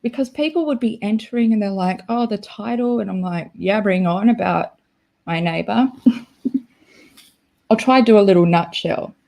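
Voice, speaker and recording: A woman's voice: medium pitch, normal speed, gravelly, a little mellow. A young Australian woman hosting a casual livestream, chatty and self-deprecating as she reacts to her chat. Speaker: livestream host.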